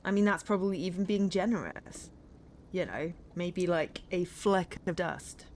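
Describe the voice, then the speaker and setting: An English woman talks her way through a video game on stream, in a lowish voice. She rambles and keeps cutting herself off mid-thought, loose and chatty. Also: unhurried, darkish tone, slight background noise. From northern England. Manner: rambling, self-interrupting, chatty. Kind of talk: casual chat while playing a game.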